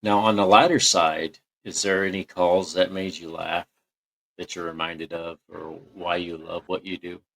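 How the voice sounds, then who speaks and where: Man, podcast host, very low voice, relaxed, laughs along. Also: measured pace, creaky, low-quality recording. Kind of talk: casual interview.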